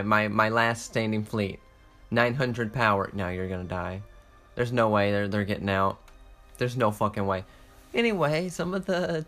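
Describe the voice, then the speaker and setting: A young man giving casual, excitable commentary while playing a strategy game, swearing often and laughing through his restarts. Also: lowish voice. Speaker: gaming content creator.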